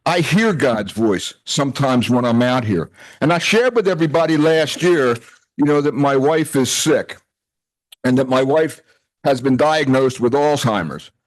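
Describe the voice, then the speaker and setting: A retreat association president in his sixties gives a heartfelt, conversational speech to a retreat gathering, quoting dialogue along the way. His voice is medium-pitched. The audio is poor, with no echo.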